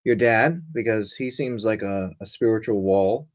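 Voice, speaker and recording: A man's voice: on the low side, moderate pace. A young man co-hosting a casual chat, joking and laid-back. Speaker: co-host.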